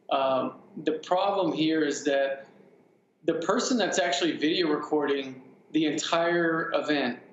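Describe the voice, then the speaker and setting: A man, an attorney, answering interview questions in a measured, explanatory way. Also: fairly high pitch, slight background noise. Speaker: attorney guest. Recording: echoey, dull remote feed.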